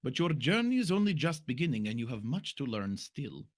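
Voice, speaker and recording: A man voicing a mysterious female fortune teller reading tarot cards, slow and portentous. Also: medium pitch, big pitch swings, voice pushed up. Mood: solemn. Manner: slow, solemn, portentous delivery.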